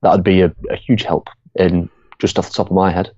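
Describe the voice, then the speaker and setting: A man on a live stream calmly suggesting improvements in a measured, thoughtful way. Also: low-pitched, husky, dry recording. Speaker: panelist on a game Q&A stream. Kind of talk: casual suggestion-giving. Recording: dry, dull lo-fi mic.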